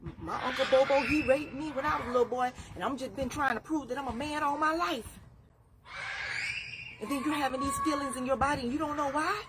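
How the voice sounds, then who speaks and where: A woman's voice: sits high, fairly quick, very noisy. A woman life coach giving a faith-based motivational talk, preachy and repeating phrases for emphasis.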